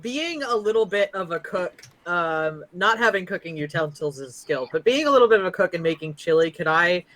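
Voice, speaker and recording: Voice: mid-range voice, animated, fairly quick, few pauses, a bit bright. A player in a tabletop game, speaking in a hesitant way with many fillers. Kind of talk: casual tabletop play.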